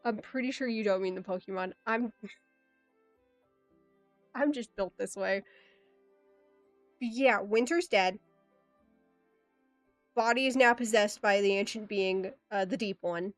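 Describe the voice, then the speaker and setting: A woman livestreamer chatting casually with her viewers, rambling with quick asides, giggles and playful exclamations. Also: medium pitch, no room sound, soft background music. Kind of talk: casual rambling stream chat.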